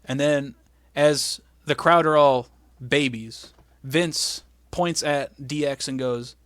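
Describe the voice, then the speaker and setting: A man co-hosting a casual chat show, animated and acting out quotes in playful voices. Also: medium pitch, a little slow, dry recording. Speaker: podcast co-host recapping wrestling.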